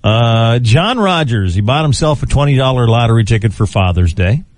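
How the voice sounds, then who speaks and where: A male radio host talking through quirky news in an easy, casual way, his pitch bouncing around as he goes. He chuckles a lot and fumbles tricky names. The studio sound is close and dry. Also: animated, normal speed, no echo. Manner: chuckles often, stumbles over names.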